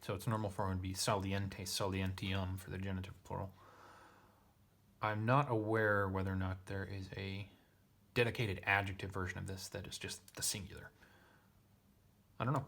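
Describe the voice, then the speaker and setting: A man with a fairly low voice works through Latin grammar out loud, one word at a time. He hesitates and corrects himself often, and makes dry little jokes at his own expense. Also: little pitch movement, normal speed, creaky. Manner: hesitant, self-correcting, self-deprecating. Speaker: teacher reading Latin scripture. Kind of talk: translating Latin aloud, thinking aloud.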